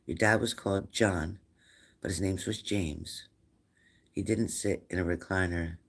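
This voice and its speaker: A low-pitched man with a gravelly, fry-edged voice runs a live-stream spirit reading as a medium. He presses viewers with short questions and repeats them until someone answers. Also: steady tone, a little slow, fairly bright tone. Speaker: psychic medium.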